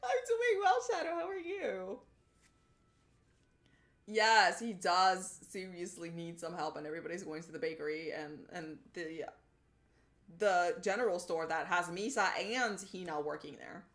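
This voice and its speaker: A woman's voice: fairly low pitch, a little slow. A young woman streaming a game live, chatting casually with her viewers in a bubbly, giggly way as she plays. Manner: bubbly, giggly and animated, greeting chat by name. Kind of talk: casual live-stream chat while gaming.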